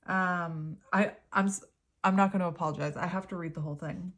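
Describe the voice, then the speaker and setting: Chatty, emotional woman tarot reader, slightly low. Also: steady tone, brisk, fairly bright tone. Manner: chatty, laughs often between phrases; openly emotional, voice close to tears at times. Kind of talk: casual spoken tarot reading.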